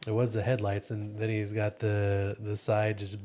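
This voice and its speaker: A young man co-hosting a podcast, telling relaxed, joking anecdotes in casual chat. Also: lowish voice, unhurried, slight background noise. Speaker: podcast co-host.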